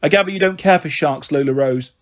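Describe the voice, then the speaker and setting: A very posh but unfussy middle-aged headmistress from a storybook, frank and friendly, read by a man. Her voice sits higher than the reader's usual tone and stays relaxed. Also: fast, lightly acted.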